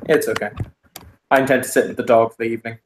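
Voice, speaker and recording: Wry male player, flat monotone delivery, echoey room. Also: medium pitch. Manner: deliberate, dry and wry. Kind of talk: tabletop role-play.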